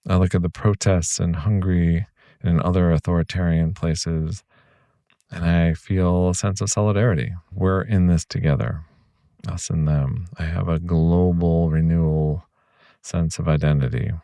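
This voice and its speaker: A man with a deep, gravelly voice hosts a reflective podcast, talking earnestly and reassuringly straight to his listener. The recording is close and completely dry, with no room sound. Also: steady tone, normal speed, dark tone, no room sound. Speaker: podcast host.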